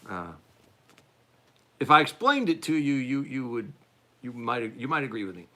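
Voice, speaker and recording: A man's voice: medium pitch, animated, normal speed, pushed and bright. A man hosting a casual political live-stream chat, rambling and self-deprecating, with frequent restarts. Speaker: podcast host.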